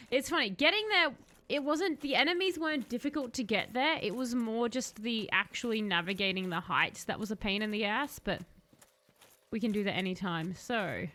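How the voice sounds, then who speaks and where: A woman's voice: on the high side, normal speed, bright, forceful tone. A woman streaming a video game, chatting casually with her viewers and laughing often. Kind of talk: casual gaming live-stream commentary.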